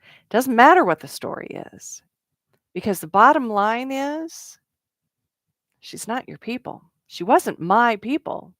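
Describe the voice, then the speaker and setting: A woman's voice: fairly high pitch, lively intonation, measured pace, a bit bright, no echo. Woman coaching on networking, dry sound. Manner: conversational with fillers and acted-out quotes. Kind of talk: casual talk to camera.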